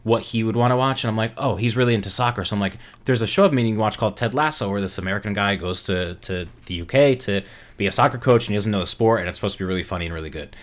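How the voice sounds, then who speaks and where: A man co-hosting a podcast, telling stories in a casual chat full of "like" and "um". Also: lowish voice. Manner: fast, filler-heavy storytelling. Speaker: podcast co-host.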